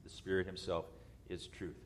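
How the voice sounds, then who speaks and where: A man preaching an expository sermon, swinging between soft, slow stretches and loud, rising bursts. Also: deep voice, completely flat delivery. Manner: preaches with dynamic swings in loudness and pace. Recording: long hall reverb.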